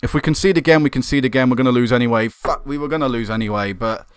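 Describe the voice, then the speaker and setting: A young man commentating on a football management game, excitable and swearing when it goes wrong. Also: mid-range voice, quick pace, smooth, no echo, studio quality. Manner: excitable, swearing and laughing at goals. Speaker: gaming commentator.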